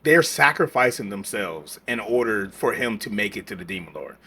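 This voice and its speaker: Male podcast co-host, husky voice, casual rambling anime talk, full of fillers and restarts. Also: on the low side, animated, normal speed, pushed and bright. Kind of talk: casual anime review chat.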